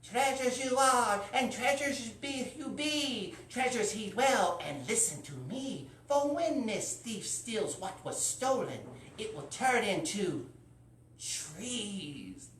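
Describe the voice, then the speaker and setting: A man voicing a bold, clever woman who chants a spell in a slow, high sing-song. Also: lively intonation, fairly bright tone, a little hiss or hum, heavily acted. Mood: chanting. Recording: roomy echo from far off.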